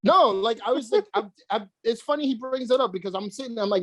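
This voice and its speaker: A woman's voice: fairly high pitch, fast talker, dry recording. A woman co-hosting a casual podcast chat, talking animatedly, swearing often and acting out quotes. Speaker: podcast co-host.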